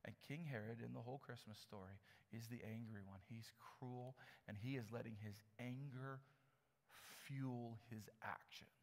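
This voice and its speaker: A man's voice: mid-range voice, steady tone, normal speed, big-room sound. A male pastor preaching a sermon in a conversational way, often repeating words as he builds his point, in a church.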